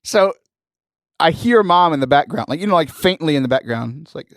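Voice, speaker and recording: Animated man telling a story. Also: on the high side, fairly quick, no room sound, studio quality. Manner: animated, laughing often, mimics voices in anecdotes. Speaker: podcast host. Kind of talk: casual storytelling.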